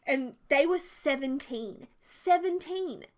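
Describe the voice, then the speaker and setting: A woman's voice: a little high, lively intonation, fairly bright tone. A woman in her twenties with an Australian accent, rambling through a funny personal story in casual vlog talk, laughing often and filling her sentences with "like". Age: 20s. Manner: chatty, rambling, quick to laugh, many "like"s. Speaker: Sims speed-build vlogger. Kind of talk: casual storytime over a speed build.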